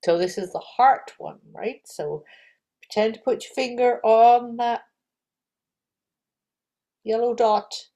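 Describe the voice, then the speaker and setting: A middle-aged woman teaching a gentle yoga lesson, talking softly and encouragingly and often dropping to a near-whisper. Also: fairly high pitch, slow pace, pauses often, lo-fi sound.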